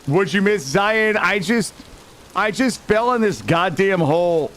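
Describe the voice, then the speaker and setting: A man streaming a game live, excitable, swearing and talking to his chat. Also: high voice, unhurried. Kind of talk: live gameplay commentary.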